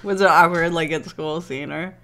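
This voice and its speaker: A woman's voice: low-pitched, steady tone, normal speed, a bit bright. A woman co-hosting a podcast, chatting casually with short, teasing replies. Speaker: podcast co-host. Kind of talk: casual chat.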